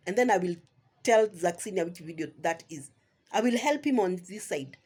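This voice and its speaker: A woman's voice: lowish voice, animated, moderate pace, a little mellow, slightly rough. A woman vlogger with a Kenyan accent ranting at her rivals in a scolding, sarcastic tone. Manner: scolding, sarcastic, keeps asking "eh?". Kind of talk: ranting commentary.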